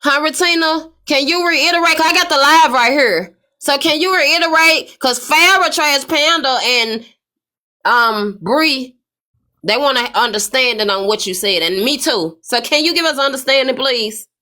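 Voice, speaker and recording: A woman's voice: high voice, normal speed, pushed and bright. A woman in a livestream argument, blunt and confrontational, pressing someone to explain herself. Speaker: livestream participant.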